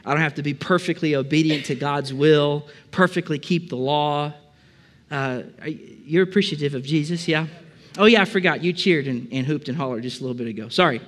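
A man preaches in a loose, chatty way, tossing questions and jokes to his congregation. His voice sits a bit high for a man. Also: fairly quick. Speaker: pastor. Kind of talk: conversational sermon. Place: church service before a congregation.

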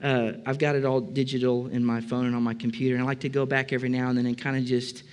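A man's voice: mid-range voice, flat delivery, fast talker, a little mellow, smooth. Man preaching a casual, filler-laden sermon. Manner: conversational, many filler "uh"s, addresses congregation directly. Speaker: pastor.

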